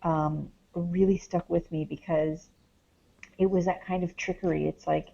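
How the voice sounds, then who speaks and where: Low, mellow woman telling a ghost story. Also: level tone, a little slow, vocal fry, dull audio. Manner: rambling, heavy on "like" and "um". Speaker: guest, paranormal investigator. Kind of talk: casual podcast chat, storytelling.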